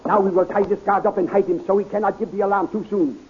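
An actor playing a calm, resourceful scientist who speaks formally in a 1930s radio serial. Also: male voice, sits high, fast, narrow, tinny audio, close to an everyday voice. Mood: determined. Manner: formal, no contractions, steady commands. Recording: scratchy 1930s radio recording.

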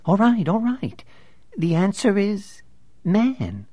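A man voicing a clever, cocky teenage boy who talks in a lifted, quick and sly way. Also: high-pitched, huge pitch swings, dark tone, dry recording, voice pushed up, heavily acted.

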